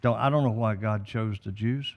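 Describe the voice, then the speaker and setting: A man's voice: lowish voice, normal speed, in a large hall, a little hiss or hum. An older man, a guest on a talk show, speaking with emphatic, preacherly conviction about faith and prophecy. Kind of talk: impassioned religious talk.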